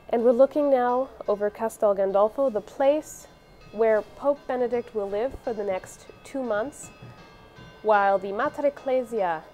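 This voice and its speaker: A woman anchors live news commentary, speaking in a clear, measured way. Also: medium pitch, warm tone.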